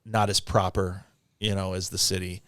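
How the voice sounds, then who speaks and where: A man co-hosting a casual podcast, rambling through his points and restarting often. His voice is low and smooth, recorded dry and close. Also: little pitch movement, normal speed, fairly bright tone, dry recording. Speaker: podcast co-host. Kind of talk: casual chat.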